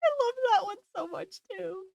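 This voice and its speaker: A woman's voice: extremely high pitch, normal speed, creaky, no room sound. A young woman streamer chatting casually with her live audience, giggling often and swearing freely.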